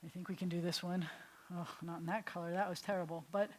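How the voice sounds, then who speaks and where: A woman's voice: fairly low pitch, steady tone, quick pace, a little hiss or hum. An older woman rabbi with a New York accent, teaching a Hebrew class in a chatty, digressive way, laughing easily. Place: synagogue classroom.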